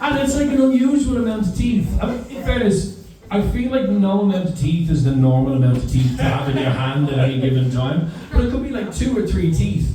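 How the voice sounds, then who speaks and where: A young comedian's voice sits high and dark-toned as he rattles off a self-deprecating, wry set with free swearing, fairly quick and expressive with hardly any pauses. He's far from the mic in a roomy comedy club, the audience laughing along.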